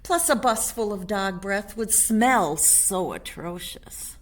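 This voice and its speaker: A woman's voice: medium pitch, expressive, slow. A woman voicing a fussy mother cat who makes emphatic, theatrical warnings in a storybook reading. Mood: dramatic.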